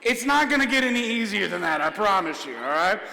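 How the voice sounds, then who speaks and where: A man's voice: high voice, very animated, brisk, gravelly, sharp tone. A man performing a comedic magic show in a church hall, playfully joking with and coaxing a child volunteer. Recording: echoey hall.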